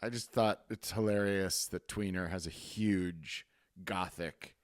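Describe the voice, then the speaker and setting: A man's voice: deep voice, steady tone, measured pace, no echo, studio quality. A man in his fifties co-hosting a casual podcast, wry and easygoing, often trailing off into ums. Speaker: podcast co-host.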